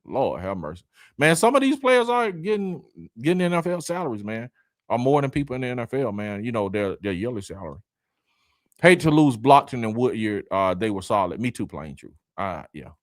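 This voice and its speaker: A man's voice: medium pitch, a little fast, no echo, studio quality. A man hosting a casual sports talk livestream, reading viewer comments in a loose, laughing way, dropping y'all and man. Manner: lively, laughing, Southern slang like y'all and man. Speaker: live stream host reading comments.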